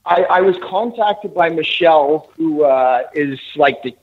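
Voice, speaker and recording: A man's voice: on the high side, unhurried. A man from Canada, a treasure hunter calling in as a guest on a live radio show, talks in a joking, self-deprecating way. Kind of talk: casual interview on live radio. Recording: tinny phone line.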